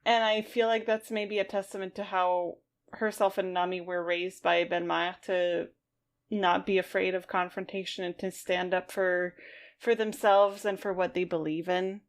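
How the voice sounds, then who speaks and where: A woman's voice: lowish voice, flat delivery, moderate pace. A woman co-hosting a casual podcast, going through her notes on a comic with light, playful asides. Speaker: podcast co-host.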